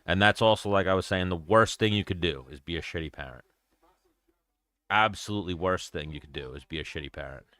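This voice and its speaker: Blunt, profane man with a deep voice. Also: a little fast, sharp tone, dry recording. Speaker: show host. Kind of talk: casual livestream chat.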